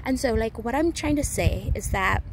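A woman talks through spiritual ideas in a loose, meandering way, with a slightly high voice and lots of "like" and "um." She circles back and restarts often, with a playful, animated lilt. A faint hum of background noise sits under her voice. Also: normal speed. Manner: rambling, many fillers and restarts. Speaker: spiritual teacher. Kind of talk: casual spiritual monologue.

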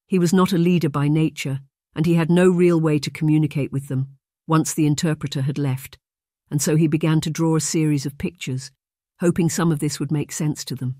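Brief: measured romance narrator, middle pitch, dry close mic. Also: fairly even intonation, dark tone, no echo. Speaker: audiobook narrator. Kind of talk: scripted audiobook narration.

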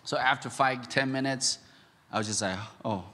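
A man preaching a sermon as a pastor, telling a personal story with laughter, swinging from loud shouts to hushed, quiet moments. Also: mid-range voice, fairly even intonation, normal speed, long reverb tail. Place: large church hall.

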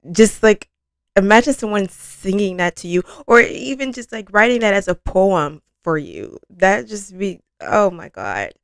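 Woman reacting to a song, slow easy talk, gushy and giggly, dry close sound. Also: medium pitch, clean tone, dry recording. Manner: effusive and giggly, talks to viewers. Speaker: music reaction host. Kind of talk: casual reaction chat.

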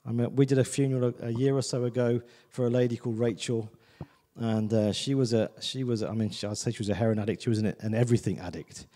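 A man gives a sermon in a church with a mellow, warm tone. He talks loosely and personally, stopping often to check in with the congregation. His pitch sits in a middle range. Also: fairly even intonation, fast talker, long reverb tail. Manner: conversational, repeats "do you know what I mean". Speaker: visiting preacher.

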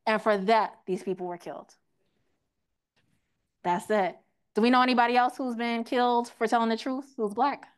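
A woman's voice: fairly high pitch, steady tone, moderate pace, long pauses, clean tone. A young woman teaching a room, asking the audience questions and acting out quoted voices. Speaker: teach-in speaker. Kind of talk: interactive classroom lecture.

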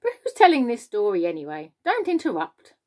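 A woman's voice: mid-range voice, wildly swooping pitch, brisk. A woman voicing a boastful, cheeky male giant centipede in a children's storybook reading. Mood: boasting. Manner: loud, gleeful, boasting.

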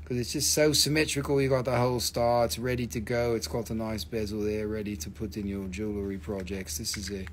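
A man hosting a live rock sale on his phone, excitable, with broken non-native English phrasing. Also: fairly low pitch, a little fast, hardly any pauses, slight background noise. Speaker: online rock and mineral seller. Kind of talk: live sales stream.

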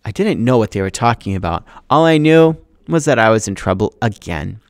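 A man's voice: lowish voice, brisk, hardly any pauses, no room sound, clean studio sound. Man teacher reading a novel aloud. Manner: expressive, acting out the dialogue.

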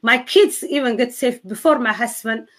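High-voiced Somali-accented woman. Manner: earnest, halting with restarts and broken grammar. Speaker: guest sharing testimony. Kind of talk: emotional personal testimony.

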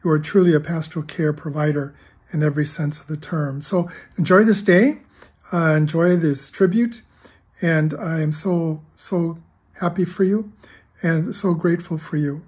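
A longtime colleague records a measured, heartfelt and formal tribute message. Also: mid-range voice, steady tone, a little mellow, husky.

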